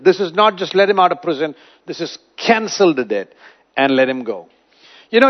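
A man preaching a sermon, retelling a parable with dramatic storytelling and wide swings in loudness. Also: on the high side. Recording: dull lo-fi recording.

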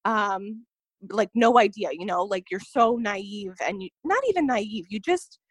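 A woman's voice: mid-range voice, lively intonation, measured pace, husky, dry recording. Chatty woman with a dry close sound. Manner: earnest, filler-heavy telling, often says "like" and "you know". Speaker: podcast guest. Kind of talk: personal storytelling in an interview.

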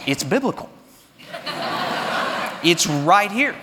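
A man preaching a sermon as pastor, with a dry, sarcastic humor, swinging between hushed moments and loud, passionate delivery. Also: high voice, very animated, moderate pace, long pauses. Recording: long reverb of a large hall.

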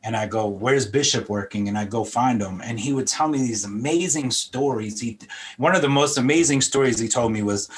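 A man's voice: medium pitch, moderate pace. A middle-aged man from Philadelphia tells his life story as an interview guest, with a voice in the middle range. He speaks earnestly and reflectively and often repeats a word while finding his thoughts. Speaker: interview guest sharing testimony. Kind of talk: personal testimony.

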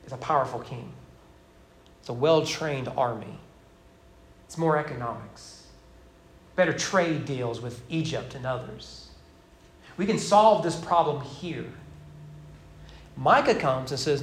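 A man's voice: mid-range voice, lively intonation, slow pace, pauses often, slight background noise. Man preaching in an echoey church. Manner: preaching with emphatic rhetorical questions. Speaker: pastor. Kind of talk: sermon. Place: church sanctuary.

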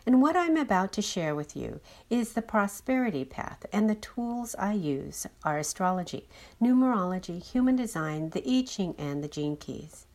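A woman's voice: mid-range voice, very animated, normal speed, darkish tone. A woman speaking as an inner beauty healer, leading a soothing guided meditation talk.

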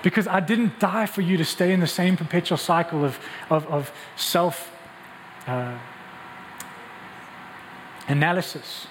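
A man's voice: high-pitched, a little hiss or hum. Impassioned male preacher in a hall. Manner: impassioned, rhetorical questions, quick restarts. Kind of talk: sermon. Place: large church hall. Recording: long hall reverb, faint ambience.

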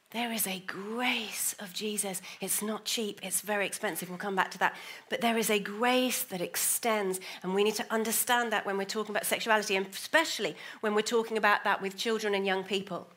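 A woman preaching a sermon, moving between hushed, slow asides and lively, emphatic bursts. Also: high-pitched.

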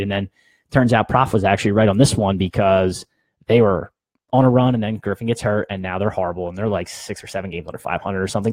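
A young man with a lowish voice runs a casual sports podcast, firing off blunt, opinionated takes. He talks loosely and chuckles at his own jabs. The sound is close and dry, with no room echo. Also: a little mellow.

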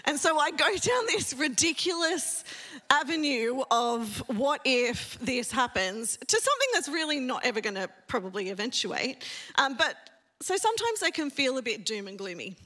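A woman's voice: high-pitched, sing-song, moderate pace, pushed and bright. A woman pastor giving a sermon in a church, chatty and self-mocking, telling funny stories to the congregation.

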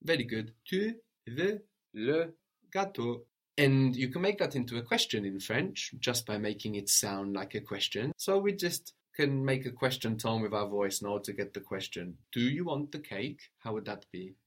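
Lively patient male language teacher. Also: lowish voice. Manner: patient, models pronunciation slowly, animated questioning intonation. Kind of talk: audio language lesson.

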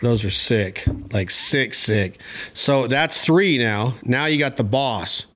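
A man's voice: mid-range voice, animated, takes it slowly, very noisy. A man hosting a podcast, giving short cues and eager questions to his guest. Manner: prompting and short commands, enthusiastic. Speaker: podcast host. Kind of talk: casual podcast interview.

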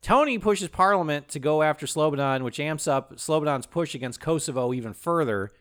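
A man with a fairly high voice tells a story as comedic recap chat. His pitch swings widely as he gets animated. He swears freely and keeps breaking into goofy voices. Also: fairly quick. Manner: animated, profane, slips into silly character voices. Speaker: podcast co-host.

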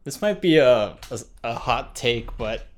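A man's voice: mid-range voice, lively intonation, unhurried. A man hosting a casual podcast, talking in a dry, laid-back way and rattling off plugs for the show. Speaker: podcast host. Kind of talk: casual chat.

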